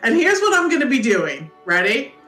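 A woman with a medium-pitched voice chats cheerfully and with enthusiasm as a podcast co-host. Her voice carries a noticeable roomy echo, with faint music behind. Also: big pitch swings, moderate pace, bright, forceful tone. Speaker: podcast co-host, travel company co-owner. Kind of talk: casual podcast chat.

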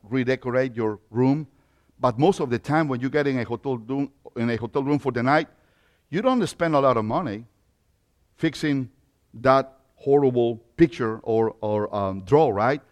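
A man in his fifties from Mexico, with a Mexican Spanish accent, preaching a sermon as pastor, moving from quiet reflection to loud emphatic points. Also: medium pitch. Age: 50s.

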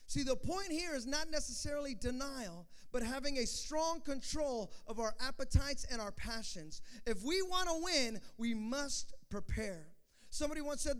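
A pastor preaching a sermon to his congregation, calling for responses and rising to shouts. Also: extremely high pitch, animated, moderate pace, clear, resonant tone.

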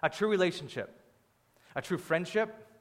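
A young male pastor preaches a sermon at normal speed, chatty and animated, with playful asides. His voice is a little high, and a long hall reverb suggests a church sanctuary.

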